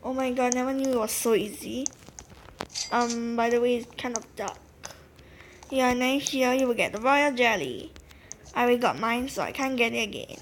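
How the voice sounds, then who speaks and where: Excitable high-voiced woman gaming. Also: normal speed, pauses often, slight background noise. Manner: excitable, gasping, talks to viewers. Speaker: gameplay narrator. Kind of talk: casual gameplay commentary.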